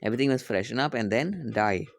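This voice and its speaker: A male teacher reading a French poem aloud slowly, repeating each line and translating it, often correcting himself. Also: mid-range voice, lively intonation.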